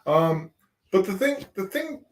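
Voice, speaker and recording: A man's voice: high voice, big pitch swings, slow. A man co-hosting a casual chat, rambling along with many fillers. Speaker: co-host. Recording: echoey room sound.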